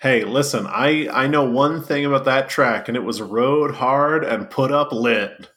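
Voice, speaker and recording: A man's voice: medium pitch, a little slow. A man co-hosting a casual comedy podcast, joking playfully and often laughing. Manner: playful, lively, laughs between phrases. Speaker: podcast co-host.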